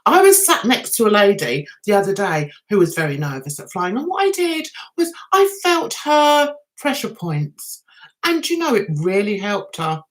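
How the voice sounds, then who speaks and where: A woman putting on a calm, soothing woman passenger who reassures a nervous flyer in a low, soft voice. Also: moderate pace, natural voice. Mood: reassuring.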